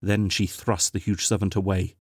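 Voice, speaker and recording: Brief: male audiobook narrator, lowish voice, measured and dramatic, dry booth sound. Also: level tone, dry recording.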